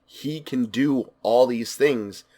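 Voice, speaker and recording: A man's voice: medium pitch, slow, warm tone. A man giving a casual spoken movie review, enthusiastic and repeating words for emphasis.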